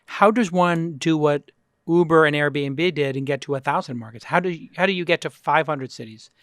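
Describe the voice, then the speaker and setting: A man hosting a podcast interview, retelling a film scene as an animated storyteller. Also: on the high side, moderate pace, dry recording, studio quality. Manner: animated storyteller, acts out quotes. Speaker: podcast host. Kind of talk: casual interview chat.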